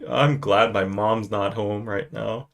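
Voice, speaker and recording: A man's voice: lowish voice, fairly even intonation, slow pace, creaky. A man hosting a casual live stream who talks in a playful, joking way. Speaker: podcast host.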